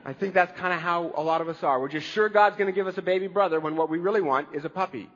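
A man's voice: sits high, fast talker, fairly bright tone, big-room sound, highs cut off. A man preaching a conversational sermon as a pastor, with wry humor.

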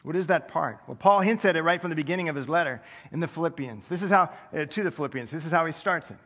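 Joking pastor in a reverberant church. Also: male voice, fairly high pitch, fairly bright tone. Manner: conversational, self-deprecating humor with quick asides. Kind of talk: sermon. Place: large church sanctuary.

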